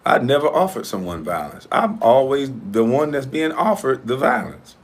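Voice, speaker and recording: A man hosting his own online show, ranting in a heated, profane and combative way, swinging between loud outbursts and low muttering. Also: very animated, moderate pace. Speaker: YouTube show host.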